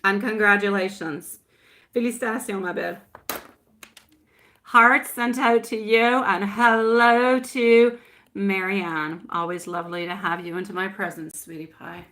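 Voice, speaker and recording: A woman's voice: mid-range voice, steady tone, a little slow, bright, forceful tone, a little hiss or hum. A woman reading tarot on a live stream in casual chat, affectionate and laughing often, calling viewers my love and sweetie pie.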